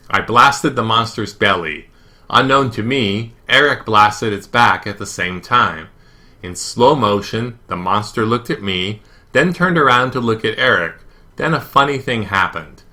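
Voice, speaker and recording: A man reading a children's novel aloud in first person, with a lively, emphatic delivery. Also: lowish voice, measured pace. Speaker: audiobook reader. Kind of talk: first-person storybook narration.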